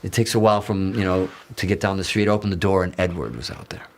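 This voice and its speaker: Male interview guest, low-pitched, casual storyteller; swears a lot, restarts sentences, voices quoted dialogue. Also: quick pace, a little hiss or hum. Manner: animated, profane, restarts often, acts out quoted dialogue.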